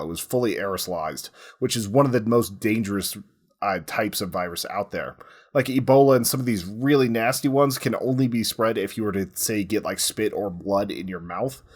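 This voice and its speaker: A man co-hosting a casual history podcast, explaining in a relaxed way with lots of "like" as filler. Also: on the low side, brisk. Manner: relaxed, says "like" a lot while explaining. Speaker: podcast co-host.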